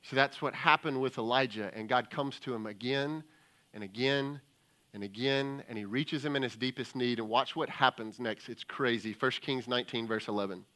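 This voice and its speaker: A man's voice: medium pitch, moderate pace, pushed and bright. A man preaching a sermon as lead pastor, building emphasis through repeated rhetorical questions and joking with the congregation. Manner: jokes with the congregation. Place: church service before a congregation.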